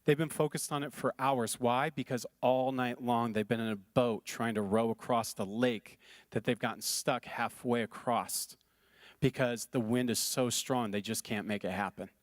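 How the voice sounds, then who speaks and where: A man's voice: mid-range voice, fairly even intonation, moderate pace, no room sound, clean studio sound. A male pastor preaching a sermon in an earnest, conversational way, often repeating phrases for emphasis.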